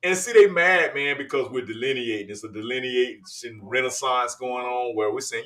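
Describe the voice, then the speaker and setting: A man hosting casual reaction commentary. He talks in an animated, slangy way and addresses the audience as "y'all.". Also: mid-range voice, moderate pace, hardly any pauses. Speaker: podcast host.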